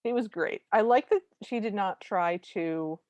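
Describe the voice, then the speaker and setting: A woman co-hosting a podcast, recapping a movie in casual, animated chat and slipping into characters' lines as she goes. Her voice sits at a middle pitch and the recording is dry and close, with no room sound. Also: unhurried, no room sound, muffled recording. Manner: animated retelling, briefly acting out characters' lines. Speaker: podcast co-host.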